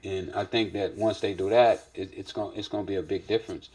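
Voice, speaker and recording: A man speaking casually in an interview clip, relaxed and a bit hesitant with fillers. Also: fairly low pitch, fairly quick.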